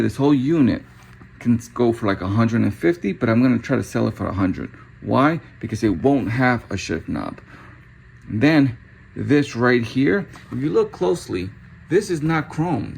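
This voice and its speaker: A man's voice: mid-range voice, gravelly, husky. A young man casually talking through car parts in a show-and-tell vlog, thinking aloud with filler words as he tallies prices. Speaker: car parts reseller vlogger.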